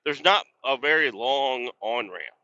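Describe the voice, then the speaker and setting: Blunt, foul-mouthed man with a sharp, forceful voice, ranting from a truck cab, muffled lo-fi sound. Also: mid-range voice, animated, a little slow. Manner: profane, blunt, exasperated ranting. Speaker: podcast host and truck driver. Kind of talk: rambling casual storytelling. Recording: dull lo-fi sound.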